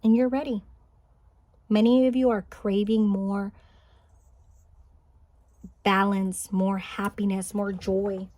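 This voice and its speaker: A woman giving a spiritual pick-a-card reading, gentle and encouraging, thinking aloud with small restarts. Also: mid-range voice, flat delivery, slow, long pauses, dry recording. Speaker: tarot card reader. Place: home, Highland Park, California.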